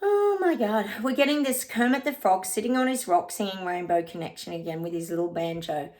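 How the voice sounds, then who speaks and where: A woman's voice: lowish voice, steady tone, a little fast, darkish tone. A woman giving a casual psychic reading, chatting to her viewers as "guys" and breaking into bits of song. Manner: breaks into short bits of song and laughs often.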